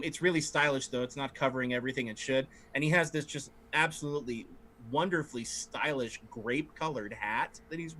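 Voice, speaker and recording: A man running a tabletop game as game master, narrating the action in an animated way and laughing often. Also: a little high.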